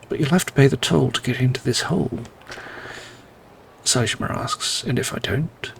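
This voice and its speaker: Gravelly man reading game dialogue. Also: mid-range voice, a little slow, long pauses, a little hiss or hum. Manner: dry, wry asides. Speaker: gameplay narrator.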